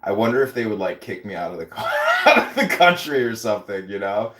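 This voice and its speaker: Low-voiced male guest, chatty and rambling, echoey room. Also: big pitch swings, fast, noisy background. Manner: rambling storyteller, many likes and you-knows. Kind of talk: casual chat. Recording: roomy echo.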